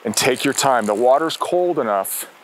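A man's voice: mid-range voice, normal speed, a little hiss or hum, low-quality recording. Enthusiastic man hosting a fishing show. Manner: enthusiastic, excitable. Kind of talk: outdoor fishing show presenting. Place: outdoors on a river.

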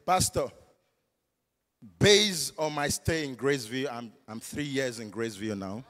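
A man with a Nigerian accent doing stand-up comedy at a church service, loud and teasing, leading call-and-response with the crowd. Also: mid-range voice, normal speed, faint music behind. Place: large church hall. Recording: echoey hall with long reverb.

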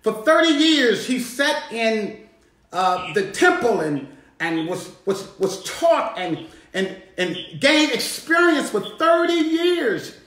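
A man preaches from the pulpit, his high voice swooping and climbing as he calls the church to respond. The sound rings around a roomy sanctuary. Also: very animated, slow pace. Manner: rising, shouting preaching with call-and-response. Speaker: bishop. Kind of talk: sermon.

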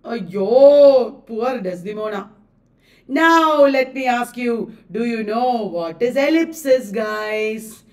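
A woman's voice: a little high, lively intonation, slow pace, a little mellow, far from the mic. A woman with an Indian English accent teaching a live online class, emphatic, repeating key phrases and checking that students understood.

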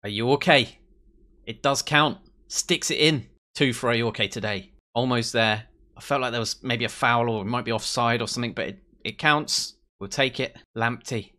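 A young man commentating on his own football management game, excitable, cheering his team and mocking rivals. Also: medium pitch, normal speed. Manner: excitable, swears and mocks players. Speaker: let's play host.

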